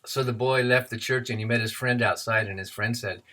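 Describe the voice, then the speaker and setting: A man's voice: medium pitch, steady tone, a little fast, sharp tone. A man telling a joke and then introducing himself in a chatty, playful way from his office. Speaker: co-president of a freethought organization. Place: his office, blinds closed.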